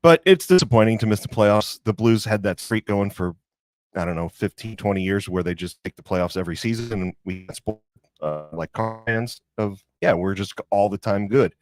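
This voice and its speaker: A man's voice: lowish voice, normal speed, a little mellow, no echo. A man co-hosting a podcast in casual chat, talking loosely and easily over a remote call. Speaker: podcast co-host. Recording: dry sound, choppy internet audio.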